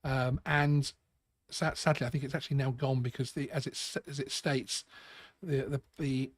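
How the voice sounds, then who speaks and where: A man's voice: mid-range voice, level tone, dry recording, clean studio sound. A man hosting a live stream, talking casually with many restarts and a sarcastic edge. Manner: halting, repeats words, sarcastic. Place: home studio.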